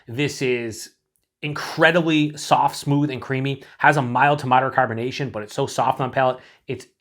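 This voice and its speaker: A man's voice: mid-range voice, fairly bright tone. A man casually reviewing a beer on his own channel, rambling and mocking himself, with some swearing.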